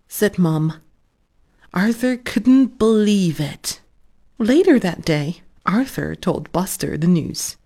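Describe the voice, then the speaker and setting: Slow expressive woman reading a kids' story. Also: medium pitch. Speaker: storybook reader. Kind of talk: children's picture book read-aloud.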